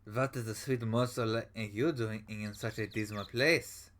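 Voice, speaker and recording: A man's voice: fairly low pitch, steady tone, fairly bright tone, slight background noise. A man doing a suave German-accented charmer. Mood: smooth. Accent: put-on German. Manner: slow, smooth and pompous.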